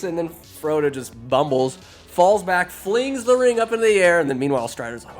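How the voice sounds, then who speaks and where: A man hosting a podcast, recapping a film in an animated, joking way, swearing and doing goofy character voices. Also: a little high, brisk, faint music behind. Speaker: podcast host. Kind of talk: comedic movie recap. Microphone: phone.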